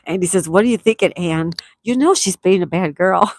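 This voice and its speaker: Chatty woman reading live chat, lower voice. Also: moderate pace, no room sound, clean studio sound. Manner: chatty and affectionate, laughs often while reading comments aloud. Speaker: livestream host reading chat.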